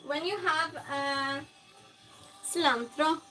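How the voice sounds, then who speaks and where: While she cooks in her home kitchen on a livestream, a woman talks casually to her viewers and mutters to herself. Her high voice is bright and forceful, her pace slow, with faint music behind her.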